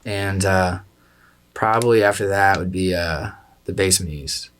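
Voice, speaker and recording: A young man from Indiana with a very low, deep voice answers interview questions in a loose, unhurried way. He hesitates often and fills the gaps with little pauses and fillers. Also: fairly bright tone, clean tone. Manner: laid-back, hesitant with fillers. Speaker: guest musician. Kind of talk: casual interview chat.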